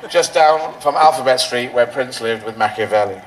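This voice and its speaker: A man performing a stand-up routine on an outdoor rally stage, with a rambling, surreal, playful delivery full of quick asides. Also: mid-range voice, background noise. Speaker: stand-up comedian.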